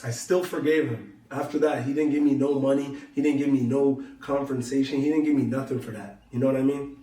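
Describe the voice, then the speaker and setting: A man's voice: medium pitch, steady tone, fairly quick, warm tone, distant mic. Slangy young man telling a story, roomy sound. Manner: loose slangy storytelling, acts out both sides of conversations. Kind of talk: casual storytelling to camera.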